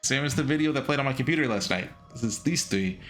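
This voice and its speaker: A man's voice: medium pitch, animated, quick pace, fairly bright tone, soft background music. A man casually commenting as he plays through a story game, reacting aloud and joking. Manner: reacts aloud, wry and jumpy. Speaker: let's-play host.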